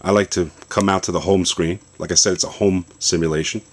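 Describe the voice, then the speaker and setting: A man with a very deep voice walks through a phone demo in a basement, loose and chatty. He stops, restarts and fills gaps with "uh" as he goes. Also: fairly quick. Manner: relaxed, rambling explanation with many fillers and restarts. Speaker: tech video host. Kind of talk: casual tech demonstration.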